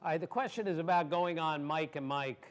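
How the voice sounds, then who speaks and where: A man in his sixties with a fairly high voice tells stories to an audience in an animated, emphatic way. He laughs easily and leans hard on key words. He is from Maryland. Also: fairly quick. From Maryland, USA. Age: 60s. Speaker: guest sportswriter. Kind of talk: storytelling in an audience Q&A.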